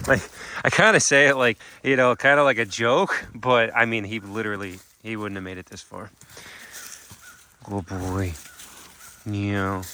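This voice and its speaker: A man's voice: on the low side, unhurried, a little hiss or hum. A man keeping an animal sanctuary, chatting casually on his vlog and cooing affectionately at the animals outdoors. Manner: cooing baby talk to the animals, relaxed explaining. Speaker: animal sanctuary keeper and vlogger.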